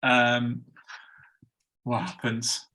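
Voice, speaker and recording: A man's voice: mid-range voice, monotone, drawn-out words, creaky, bright, forceful tone. A man hosting a casual podcast chat, chatty and laughing at his own slip-ups. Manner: chatty, stumbles over ad reads and laughs at himself. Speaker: podcast host.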